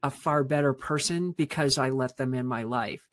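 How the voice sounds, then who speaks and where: A man's voice: medium pitch, moderate pace, no room sound. A man speaking earnestly and reflectively as a podcast guest.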